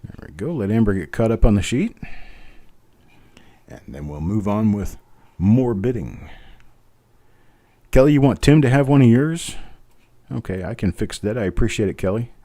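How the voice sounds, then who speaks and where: A middle-aged man hosting a live online coin auction, chatty and joking, calling out bids in a steady, repeating rhythm. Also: lowish voice, normal speed, long pauses. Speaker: auctioneer host.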